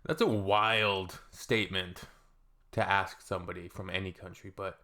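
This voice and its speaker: A man's voice: lowish voice, fairly even intonation, normal speed, bright, forceful tone. A man hosting a reaction video, chatting casually with plenty of fillers and easy laughs. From Canada.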